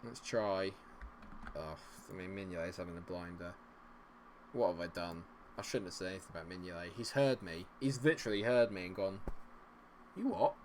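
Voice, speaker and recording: A man giving running commentary as a streamer, exasperated and muttering, with loud outbursts. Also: deep voice, brisk, slight background noise. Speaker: gaming streamer. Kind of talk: live game commentary.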